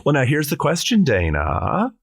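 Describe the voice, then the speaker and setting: A man's voice: fairly high pitch, huge pitch swings, normal speed, creaky, breathy edge, no echo, studio quality. A middle-aged man from South Carolina, a drag performer chatting on a podcast in a playful, theatrical, jokey way. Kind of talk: casual podcast chat.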